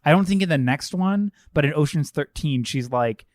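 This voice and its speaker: Animated man ranting on a podcast. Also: fairly high pitch, moderate pace, dry recording, clean studio sound. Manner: animated, laughing, mocking put-on accents. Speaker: podcast co-host. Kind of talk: casual film-review chat.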